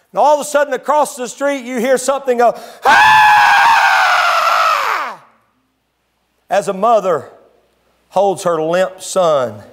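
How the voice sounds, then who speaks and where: At a church service, a high-voiced pastor delivers an impassioned sermon that surges loud and high, then falls back to something low and hushed.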